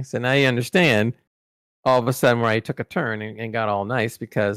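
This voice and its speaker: A man's voice: medium pitch, steady tone, brisk, a bit bright, smooth, dry recording, studio quality. A man on a podcast, telling rambling behind-the-scenes anecdotes in casual chat with lots of restarts and fillers. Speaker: podcast co-host recalling celebrity interviews.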